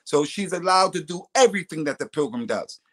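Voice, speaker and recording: Man giving religious guidance, slightly high. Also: animated, a bit bright. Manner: explanatory, recites Arabic quotations quickly. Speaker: Islamic scholar answering questions.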